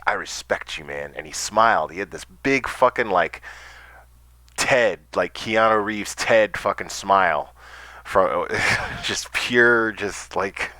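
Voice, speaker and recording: Low-voiced man rambling through a story. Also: sharp tone, dry recording. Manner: rambling with many stammered restarts and swearing. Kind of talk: casual storytelling monologue.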